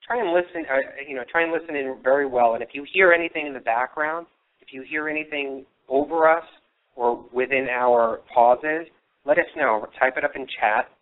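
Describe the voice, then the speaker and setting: A man's voice: mid-range voice, moderate pace. A man hosting a live paranormal investigation broadcast, telling local history in a rambling way with many fillers, his voice a little worn. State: losing his voice. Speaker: paranormal radio show host. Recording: tinny phone-line sound.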